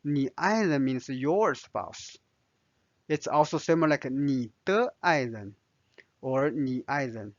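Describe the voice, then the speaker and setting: A man whose first language is Chinese, teaching a language lesson with slow, careful explanations and many fillers. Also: mid-range voice, lively intonation, dry recording, lo-fi sound.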